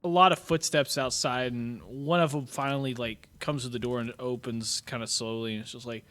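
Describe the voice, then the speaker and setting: A man's voice: mid-range voice, fairly even intonation, brisk, background noise. A man narrating as game master of a tabletop game, hesitant and full of fillers. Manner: hesitant, filler-heavy narration, laughs often.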